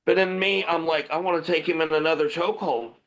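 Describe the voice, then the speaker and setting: A man, a guest pro wrestler, telling a personal story in animated podcast chat and acting out the dialogue. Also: on the high side, quick pace, rough recording. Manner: vivid retelling that acts out the dialogue.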